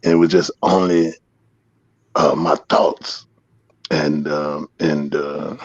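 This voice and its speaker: A man's voice: rumbling low, flat delivery, slow, dry recording. A man telling rambling, profane stories on a podcast and acting out what people said. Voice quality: gravelly, husky. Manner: profane, rambling, re-enacting quotes. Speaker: podcast storyteller. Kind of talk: casual storytelling. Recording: muffled dry sound.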